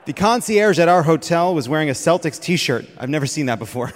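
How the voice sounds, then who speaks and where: Playful guy hosting a comedy game, laughs a lot, kinda high voice, echoey hall. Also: lively intonation, slight background noise. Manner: playful, laughing, quick asides. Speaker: host. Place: theater stage with audience.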